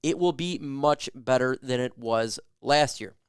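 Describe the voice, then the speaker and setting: A man's voice: medium pitch, unhurried, clean tone, no echo, clean studio sound. A man hosting a casual sports fan livestream, answering viewer questions with loose, joking, hyped banter. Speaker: sports talk livestream host.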